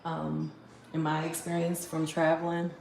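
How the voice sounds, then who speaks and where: A woman's voice: low-pitched, monotone, unhurried, creaky, a little mellow, reverberant, a little hiss or hum. A woman in her thirties chatting casually to a phone camera, rambling and laughing often. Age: 30s. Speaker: vlogger.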